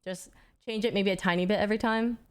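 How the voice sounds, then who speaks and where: A woman's voice: mid-range voice, fairly even intonation, fast, smooth. A young woman streamer in casual chat, rambling and thinking aloud as she answers questions.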